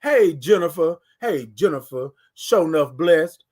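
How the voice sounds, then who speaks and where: Hosting a laid-back morning livestream, a high-voiced man addresses his viewers with animation and reads out their comments. His pace is moderate, with few pauses.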